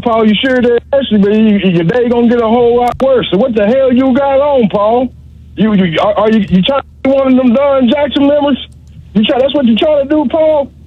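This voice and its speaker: A man's voice: very high-pitched, breathy edge, no echo. A male caller trading joking, teasing trash talk on a call-in radio show over a phone line.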